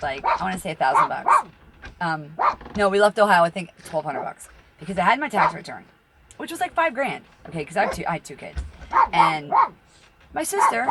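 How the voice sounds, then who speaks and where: A middle-aged woman spins a long, rambling story full of swearing, her fairly low voice leaping up and down as she goes. She laughs at her own bad luck, and dogs bark somewhere behind her. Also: very noisy. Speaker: tarot reader and channel host.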